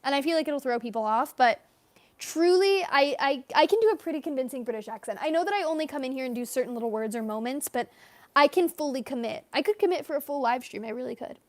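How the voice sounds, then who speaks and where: Drawing on a livestream, this young artist rambles casually to viewers and reads their comments out loud. She speaks quickly in a high, expressive voice, with no room sound.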